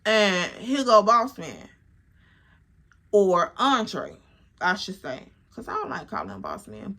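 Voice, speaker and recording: A woman in her twenties telling a casual storytime, animated and profane. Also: on the low side. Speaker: vlogger.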